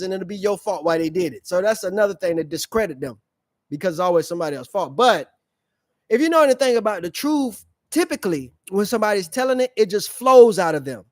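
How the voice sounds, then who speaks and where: A man's voice: high-pitched, dry recording, studio quality. A man streaming live reactions, ranting bluntly in slang and asking his viewers questions. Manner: blunt, slangy, preachy, asks the audience questions. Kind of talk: ranting commentary on a played clip.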